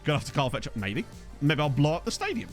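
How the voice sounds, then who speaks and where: This gaming streamer's voice is a little high, swinging widely in pitch as he talks fast over soft music. Tired and casual, he responds to viewer comments during a let's-play, rambling, mocking himself, and using plenty of fillers.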